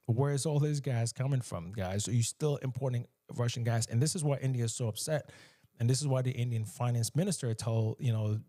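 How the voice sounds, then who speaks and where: A man from the United States giving animated, emphatic solo commentary, often slipping into mocking voices. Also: mid-range voice.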